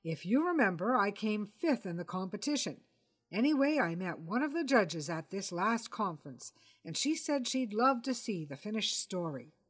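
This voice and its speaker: A man's voice: high-pitched, big pitch swings, moderate pace, a bit bright, faint music behind, exaggerated voice. A woman voicing a fussy, self-important male crime writer who talks in a pompous, exasperated way.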